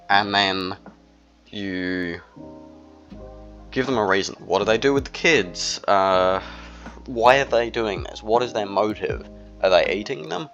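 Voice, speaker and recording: A man's voice: lowish voice, fairly bright tone. A young man in a casual, rambling monologue, full of fillers and slang. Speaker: solo video creator. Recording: dull lo-fi recording.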